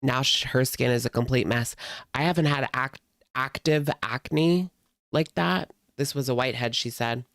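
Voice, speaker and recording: A man's voice: medium pitch, normal speed, creaky, a bit bright, no echo, clean studio sound. A man in his thirties telling a rambling, amused story in a casual chat with a live audience, with lots of fillers. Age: 30s. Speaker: host.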